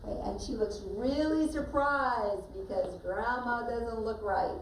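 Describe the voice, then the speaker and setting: Higher-voiced teacher narrating from across a room. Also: female voice, unhurried. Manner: storytelling narration with directions to pupils. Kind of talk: narrating a story for children to act out. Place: classroom. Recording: distant, echoey classroom with background noise.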